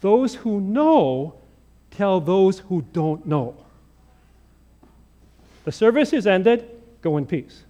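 A man's voice: very high voice, very animated, unhurried, a little mellow, pitched above the performer's own voice, full character voice. A man voicing a cheeky young male seminarian who dodges his sermon, with a punchy, playful delivery.

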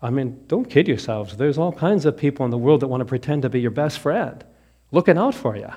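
A male pastor telling a joke in a lively storytelling manner within a sermon. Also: mid-range voice, a little fast, breathy edge. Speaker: Lutheran pastor.

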